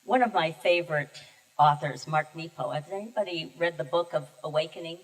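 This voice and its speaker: An older woman minister giving a heartfelt, personal sermon, telling her story with pauses and emotion. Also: sits low. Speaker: guest minister. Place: church sanctuary. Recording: distant mic in a reverberant sanctuary.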